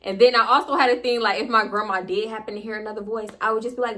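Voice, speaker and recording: A young woman telling a personal story to camera in a casual, animated way, laughing often and dropping into hushed asides, in African American Vernacular English. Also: fairly high pitch, very fast, few pauses. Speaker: storytime vlogger.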